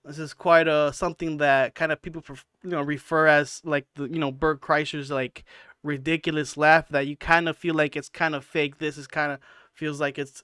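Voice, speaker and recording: A man's voice: on the high side, fairly bright tone, clean tone, dry recording, clean studio sound. A man hosting a channel, talking over clips in a hesitant way with many fillers. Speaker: channel host.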